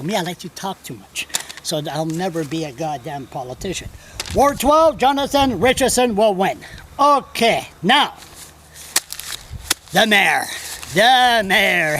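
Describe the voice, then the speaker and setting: High-voiced blunt rambling male blogger. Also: a bit bright, slight background noise. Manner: rambling, blunt and digressive, with profanity. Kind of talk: off-the-cuff video commentary. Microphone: camera held by another person.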